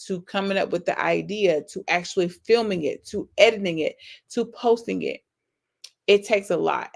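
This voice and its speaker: A woman hosts a casual live-stream question-and-answer session with a gravelly fry in her voice. She speaks earnestly and affectionately to her viewers and reads their comments aloud before answering. Her talk has a faith-filled tone. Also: medium pitch. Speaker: YouTube channel host.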